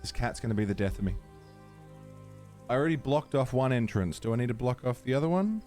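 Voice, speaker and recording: Male streamer, mid pitch, relaxed chatty delivery, faint music bed. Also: brisk, pauses often. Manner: chatty, talks to his cat and chat. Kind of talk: casual livestream chat.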